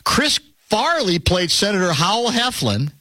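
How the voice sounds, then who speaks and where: A man hosting a talk radio show, rambling and animated, often breaking off and restarting his sentences. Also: high voice, measured pace, dry recording. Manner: animated, rambling, self-interrupting.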